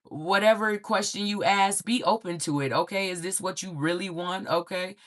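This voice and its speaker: A man giving a livestream tarot reading to his viewers in a loose, profane, animated way, laughing often and ending many lines with "okay?". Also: high voice, moderate pace. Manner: profane, frequent "okay?" check-ins. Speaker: tarot reader.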